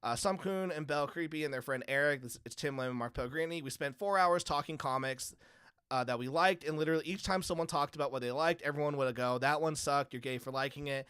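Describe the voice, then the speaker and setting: A man's voice: on the high side, quick pace, fairly bright tone, smooth, no echo, studio quality. A man hosting a casual comics talk show, rambling through stories and acting out other people's lines with frequent laughs. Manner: rambling, laughs often, acts out quotes. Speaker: podcast host. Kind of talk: casual chat.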